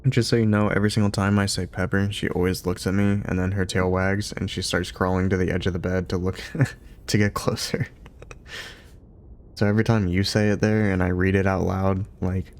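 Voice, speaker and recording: A young man reads a novel aloud on his livestream, then drifts into easygoing chatter with his viewers. His voice sits fairly low and relaxed, and he laughs easily. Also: a little fast. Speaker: streamer reading a book aloud. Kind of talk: casual reading aloud on a livestream.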